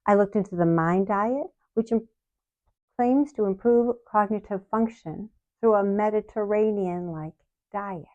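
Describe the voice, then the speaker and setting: A woman in her sixties tells her own story at an unhurried, deliberate pace. Her voice sits in a middle range, and she talks earnestly, with soft laughs now and then. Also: mid-range voice, dull audio. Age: 60s. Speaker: channel host. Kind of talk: personal story told to camera.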